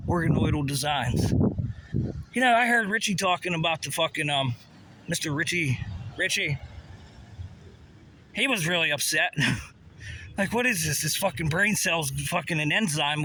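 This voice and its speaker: A man's voice: fairly high pitch, bright, forceful tone, a little hiss or hum. A man delivering a rambling, profane, conspiratorial monologue, often asking rhetorical questions. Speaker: vlogger.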